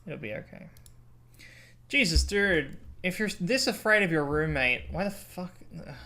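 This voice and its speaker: A streamer on a live let's-play, reading the game's text aloud in a low, muted voice. Between passages they burst out loud, swear and plead with the game. The voice sits at a middling pitch. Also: lively intonation, measured pace. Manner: reads game text in a low, subdued tone, then breaks into loud, sweary outbursts. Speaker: streamer playing a narrative game.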